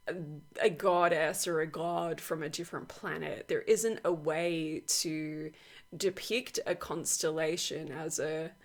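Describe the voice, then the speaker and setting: Woman author, low voice, unhurried, chatty unboxing vlog. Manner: chatty, rambling, laughs often, many fillers. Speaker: oracle deck author. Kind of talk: casual unboxing walkthrough.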